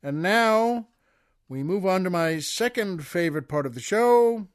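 An older American man hosting a comedy show, telling a long joke with folksy, chuckling asides in a relaxed way. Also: high-pitched, unhurried, no room sound, studio quality. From United States. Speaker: podcast host. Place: studio.

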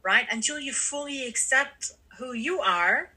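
A woman's voice: high voice, animated, measured pace, bright, forceful tone, husky, rough recording. A woman life coach in a casual podcast chat, speaking candidly, swearing freely and acting out her own inner voice.

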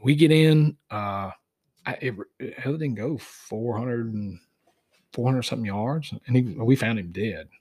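A middle-aged man, a podcast guest who tells hunting stories in a casual, animated way and acts out the dialogue. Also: mid-range voice, a little slow, husky, dry recording. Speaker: guest, dog tracker for wounded deer. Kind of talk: casual storytelling.

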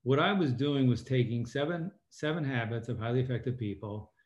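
A middle-aged man, a former submarine captain and now an author, telling stories as a guest in an interview and quoting people in lively voices. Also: mid-range voice, a little fast. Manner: animated storyteller, quotes people in lively voices. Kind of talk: conversational interview storytelling. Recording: roomy, slightly dull sound.

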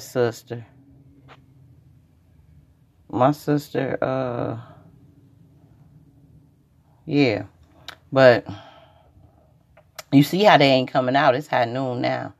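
A woman's voice: sits low, creaky, a little mellow. A woman hosting a rambling, preachy spiritual livestream monologue that circles back and repeats itself. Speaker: podcast host.

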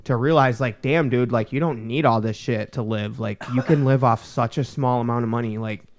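A man's voice: medium pitch, normal speed. Male podcast co-host, casual, profane, laid-back banter. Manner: swearing, joking, laid-back.

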